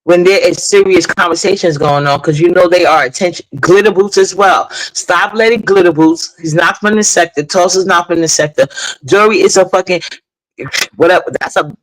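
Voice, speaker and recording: A woman's voice: fairly low pitch, normal speed, poor audio. A woman hosts a loose live-stream chat in a blunt, rambling way. She swears without hesitation and drifts from one point to the next. She breaks off now and then to greet people in the chat. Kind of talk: casual live-stream commentary.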